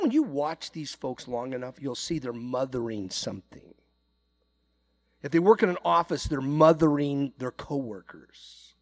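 A middle-aged man preaching a sermon to his congregation in a loose, conversational way, often repeating words and saying "you know". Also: mid-range voice. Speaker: pastor.

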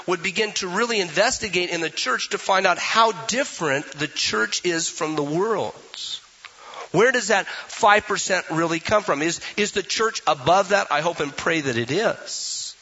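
A man's voice: sits high, sharp tone, slightly rough, highs cut off. A man preaching a sermon as pastor, emphatic and full of rhetorical questions.

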